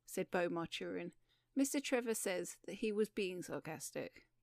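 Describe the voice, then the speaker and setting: A woman narrating a story in a measured audiobook reading. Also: fairly low pitch, expressive, vocal fry, darkish tone, dry recording, clean studio sound.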